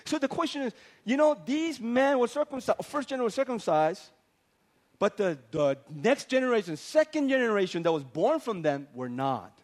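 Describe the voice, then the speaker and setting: Male pastor, lively comic sermon, high voice with big swoops, acts out the characters. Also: normal speed. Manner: animated, acts out voices of biblical figures.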